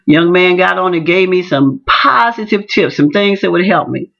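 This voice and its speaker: Woman vlogger, lively storyteller who acts out every voice, muffled lo-fi sound. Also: fairly low pitch, moderate pace, gravelly. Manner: animated, acts out voices in her stories. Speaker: teacher and vlogger. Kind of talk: casual storytelling vlog.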